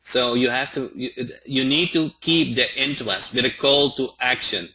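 A man teaching a live online training, speaking haltingly and often checking in with his listeners. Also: medium pitch, sharp tone, slightly rough. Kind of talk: live webinar instruction.

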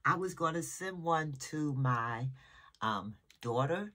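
With a low, fairly bright voice, an older woman talks slowly and expressively in a casual, rambling home vlog. She's a great-grandmother, emotional as she skips from topic to topic, and a nearby camera picks her up.

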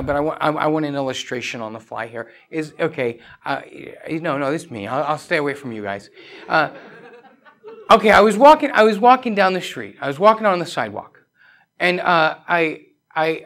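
A man's voice: a little high, lively intonation, fairly quick, fairly bright tone. A man preaching a conversational sermon as pastor of a church, pressing questions on the congregation and telling personal stories. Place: church sanctuary.

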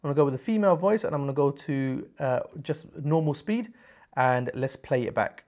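A man presenting a screen-recorded software tutorial, explaining step by step in an upbeat way with frequent check-ins. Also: mid-range voice, animated, brisk.

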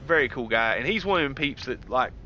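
While streaming a game, a Southern American man reads his viewers' comments out loud, chatting in a laid-back way and drawling "heck yeah" and "dude." He talks at a quick pace in a mid-range voice with lively intonation, pushed and bright, plus a little hiss or hum.

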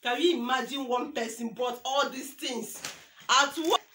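Slow-speaking, bright-voiced Nigerian woman. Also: high voice, roomy sound, slight background noise. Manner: emotional, exclaiming, repeats phrases. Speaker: vlogger. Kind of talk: excited unboxing chat with prayers.

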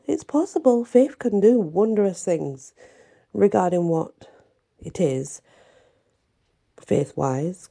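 A woman storyteller narrating a folklore tale in a slow, gentle, calm way. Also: lowish voice, slightly rough.

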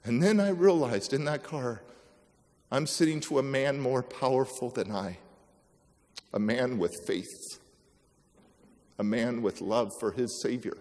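A man's voice: medium pitch, measured pace, long pauses, a little mellow. A man giving a motivational speech, telling a personal story dramatically and acting out the people in it. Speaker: motivational speaker. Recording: long reverb of a large hall.

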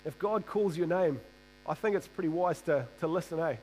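High-voiced man preaching casually. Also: normal speed, a little mellow, a little hiss or hum, low-quality recording. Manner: casual and joking, often restarts and repeats words. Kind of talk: sermon. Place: church.

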